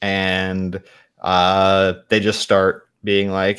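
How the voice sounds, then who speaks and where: A man narrating a tabletop horror game as game master, relaxed and rambling with many pauses and ums. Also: sits low.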